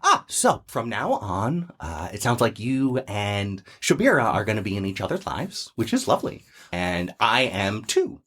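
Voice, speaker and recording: A man's voice: fairly low pitch, very animated, normal speed, fairly bright tone. Man doing a shy winged girl cat. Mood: earnest. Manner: hesitant, full of ums and uhs. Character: small winged female cat, shy but fiercely protective. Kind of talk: tabletop role-play voice acting.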